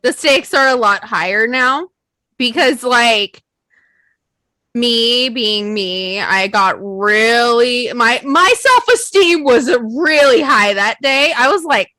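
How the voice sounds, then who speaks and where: A woman's voice: a little high, expressive, takes it slowly, pushed and bright, dry recording. A young woman co-hosting a casual podcast chat, self-deprecating and swearing, laughing often and acting out her own quotes. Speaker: podcast co-host.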